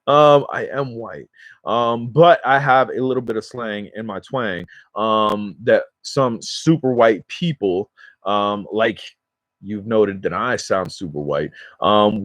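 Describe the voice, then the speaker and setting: A man's voice: fairly low pitch, dry recording. A man with a New York or New Jersey accent, chatting casually to livestream viewers from his recliner at home, rambling and slangy and easily sidetracked. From New York or New Jersey area. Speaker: smoking vlogger and livestream host.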